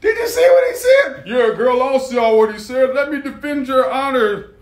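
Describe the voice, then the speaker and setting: A shrill, indignant gossiping woman, as a man mockingly puts her on. The voice leaps high and sounds exaggerated and scornful. An echoey room sits around it. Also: animated, moderate pace.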